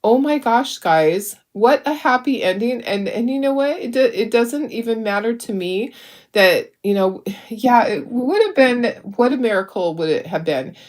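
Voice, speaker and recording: A woman's voice: a little high, lively intonation, measured pace, a little mellow. A middle-aged woman hosting a craft livestream, chatting emotionally with many restarts while she works on her sample. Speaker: craft channel host.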